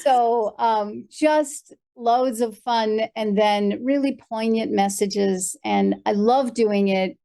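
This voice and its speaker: A woman's voice: fairly high pitch, slow, few pauses. An American woman, a performer, telling stories as a guest in a conversational interview, with lots of fillers. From United States. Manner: animated storyteller, frequent fillers.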